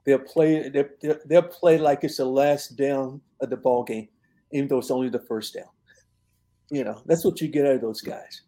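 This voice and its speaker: An older man, a longtime football coach, telling relaxed stories in an interview and laughing at his own tales. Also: mid-range voice, normal speed. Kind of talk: storytelling in an interview.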